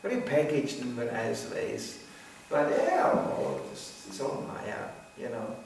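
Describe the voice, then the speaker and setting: An older man giving an informal religious lecture in a theatrical, animated way. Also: mid-range voice, slow pace, a little hiss or hum. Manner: animated, theatrical, acts out voices. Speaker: spiritual teacher. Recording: echoey room, mic at a distance.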